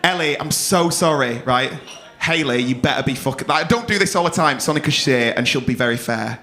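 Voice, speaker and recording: His voice is mid-range, fairly quick and sharp-toned as he comperes a live comedy night. The man jokes cheekily with the crowd, swearing as he teases them, while the club room picks up crowd noise.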